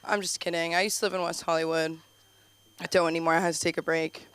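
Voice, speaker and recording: A woman's voice: fairly low pitch, flat delivery, fast talker, fairly bright tone, clear, resonant tone, no echo. Giggly young woman rambling on stage. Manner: chatty, giggly, full of "like" and restarts. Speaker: stand-up comic at an open mic. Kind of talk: rambling stand-up set. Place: small comedy club stage.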